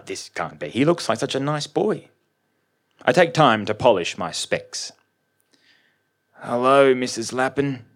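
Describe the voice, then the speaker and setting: A man reads a first-person story aloud. His delivery is measured and dry, with an observant, unhurried manner. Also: on the low side, a bit bright. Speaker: reader.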